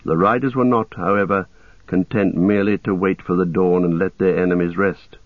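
A man narrating a story in a steady, measured reading voice. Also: low voice, dry recording. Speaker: audiobook narrator. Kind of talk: scripted narration. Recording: tinny phone-like sound, dry.

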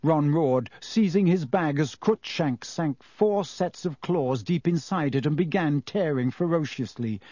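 A man narrating a children's novel in an expressive storytelling manner. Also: a little high, a little slow, few pauses, dry recording. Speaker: audiobook narrator. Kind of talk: scripted narration.

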